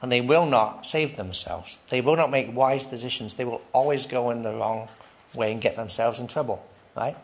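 A man's voice: mid-range voice, moderate pace. A man preaching a sermon in a conversational way, asking the congregation questions, tagging "right?" onto his points and laughing lightly between phrases.

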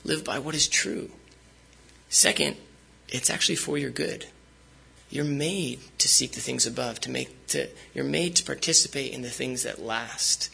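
Guy preaching a sermon, really gravelly bright voice, kinda chatty, lots of ums. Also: medium pitch, normal speed, low-quality recording. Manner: conversational preaching with many fillers and restarts. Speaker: pastor.

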